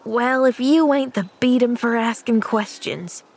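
Storybook role: a grudging, mumbling ten-year-old orphan boy with rustic slang, high and light, read by a woman. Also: a little slow, darkish tone.

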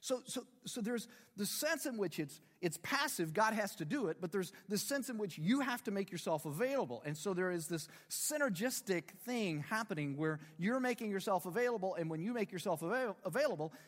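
A man's voice: high-pitched, lively intonation, brisk, hardly any pauses, in a large hall. A man in his fifties preaching a sermon in a conversational way, with rhetorical questions and humor. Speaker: pastor.

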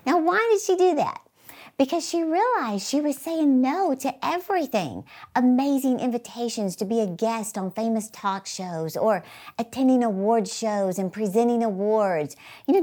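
A woman's voice: fairly high pitch, animated, normal speed, warm tone. A woman hosting her channel, giving an upbeat, emphatic faith-based motivational talk and asking the viewer rhetorical questions. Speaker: inspirational speaker and channel host.

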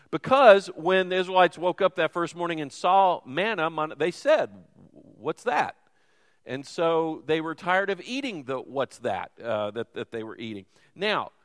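A man's voice: high voice, a bit bright, long reverb tail. A man preaching a sermon as teaching pastor, in a conversational, folksy way. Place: church sanctuary.

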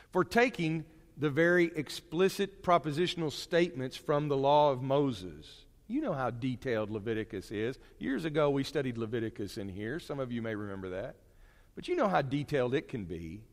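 A man preaching a sermon to his congregation in a conversational, animated way, with homely asides and jokes. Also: a little high, in a large hall. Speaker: pastor. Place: church sanctuary.

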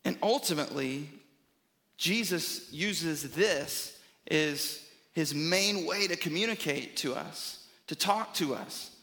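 A male pastor delivers a sermon in a high, bright voice. He preaches emphatically, building rhythm through repeated phrases and checking in with the congregation as he goes. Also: slow, creaky.

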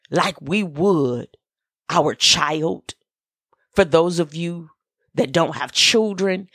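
A woman's voice: on the low side, dry recording, clean studio sound. A woman who is a minister, hosting a motivational podcast and speaking emphatically, repeating key phrases and giving direct instructions to listeners.

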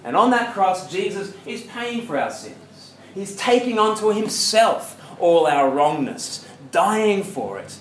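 A man's voice: sits high, sing-song, slow pace, hardly any pauses. A man with an Australian accent giving a jokey, conversational evangelistic talk, asking his audience questions. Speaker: preacher giving a campus talk. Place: university lecture hall. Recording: echoey hall with faint noise.

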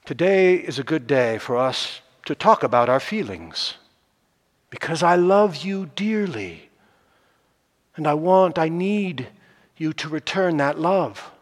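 A man voicing a loving stepmother, speaking softly and earnestly as she pleads. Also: on the high side, expressive, slow pace. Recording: long hall reverb.

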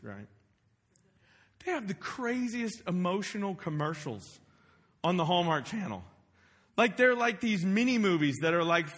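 Male pastor, high bright voice, casual and animated, shouts for emphasis, reverberant hall. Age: adult parent. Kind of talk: sermon. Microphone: wearing a microphone.

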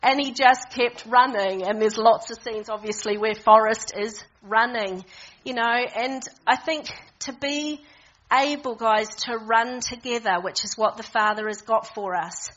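A woman's voice: on the high side, unhurried, a bit bright, lo-fi sound. A woman preaching an informal sermon in a conversational way, often restarting and repeating words.

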